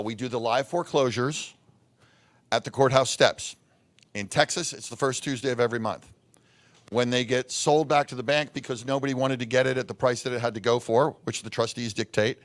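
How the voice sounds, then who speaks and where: Man, mid-pitched voice, auctioneer, informal talk, plain-spoken, dry sound. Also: no room sound. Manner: plain-spoken, explanatory, self-deprecating asides. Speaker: auctioneer presenting to investors. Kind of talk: informal presentation. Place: indoor event space with live audience.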